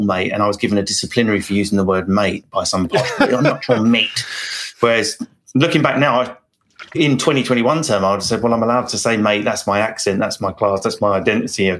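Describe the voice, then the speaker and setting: A man's voice: medium pitch, fairly bright tone. A middle-aged man, a comedian giving candid interview answers in wry, rambling anecdotes with self-mocking asides. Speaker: comedian guest.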